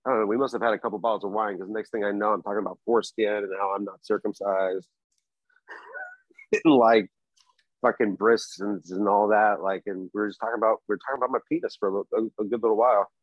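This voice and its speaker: A man from Oregon co-hosting a podcast, telling stories in a halting, rambling way. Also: fairly low pitch, steady tone, no echo, highs cut off. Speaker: podcast co-host. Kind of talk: casual chat.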